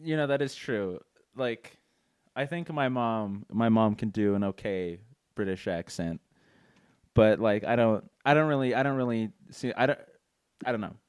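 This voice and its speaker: A man's voice: lowish voice, expressive, moderate pace, clear, resonant tone, no room sound, studio quality. A young man hosting a casual podcast chat, rambling with stammered restarts. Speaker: podcast host.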